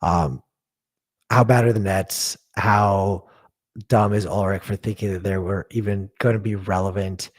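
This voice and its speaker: A man with a low voice hosts a casual sports chat. He talks bluntly and swears, ranting and laughing at his own jokes. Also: steady tone, measured pace. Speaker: podcast co-host.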